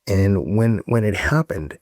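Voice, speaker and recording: A man's voice: lowish voice, a little slow, darkish tone, no echo, studio quality. A middle-aged man talking as a podcast guest, frank and earnest, swearing freely as he tells his story. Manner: earnest storytelling with rising emotion. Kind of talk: candid casual interview talk.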